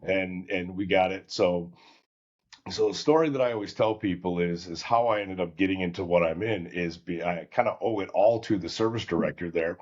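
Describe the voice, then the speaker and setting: A middle-aged man telling a story in a casual interview, lively, acting out quotes, with many restarts. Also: sits low, moderate pace. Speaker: guest, auto service company founder. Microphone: podcast microphone. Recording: slightly dull lo-fi sound.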